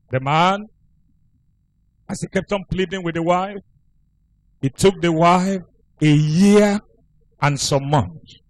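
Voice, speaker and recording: A man's voice: sits high, low-quality recording. A male pastor preaching a sermon, telling a story with emphatic delivery.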